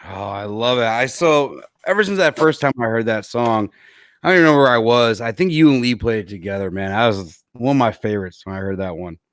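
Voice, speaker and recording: A relaxed man hosts a live-streamed music podcast in a loose, chatty way. His voice sits at an ordinary pitch and sounds dry and close, with no room around it. He rambles a little and keeps it friendly and informal. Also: fairly quick, no room sound. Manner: easygoing, rambling, calls people man and dude. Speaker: podcast host. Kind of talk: casual live-show chat. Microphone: computer setup for a live stream.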